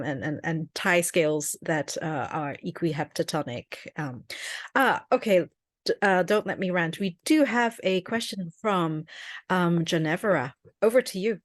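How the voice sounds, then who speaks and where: Low-voiced woman chairing, hesitant. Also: dry recording. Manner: hesitant, full of ums and restarts. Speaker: forum chair. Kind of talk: chairing an online discussion. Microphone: video call microphone.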